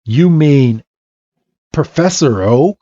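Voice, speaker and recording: A man doing a high-pitched hot-headed trainer boy. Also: expressive, takes it slowly, mellow, no room sound. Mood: excited, indignant. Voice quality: high, yelping outbursts. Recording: dull lo-fi podcast mic.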